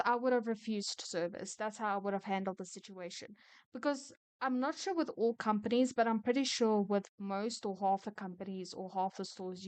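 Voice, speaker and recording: A woman reads customer stories aloud and stops to give her opinion on them in a chatty, opinionated way. Her voice is smooth and clear, sitting at an ordinary middle pitch. The sound is dry and close, with no room echo. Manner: opinionated, chatty, quick to rant. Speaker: storyteller reading retail stories. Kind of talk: casual story reading with commentary.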